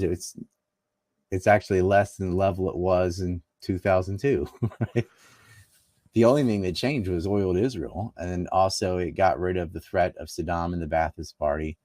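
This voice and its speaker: A man's voice: low-pitched, darkish tone, dry recording, clean studio sound. A man from North Carolina, a political commentator in a conversational interview, talking emphatically and firing off rhetorical questions.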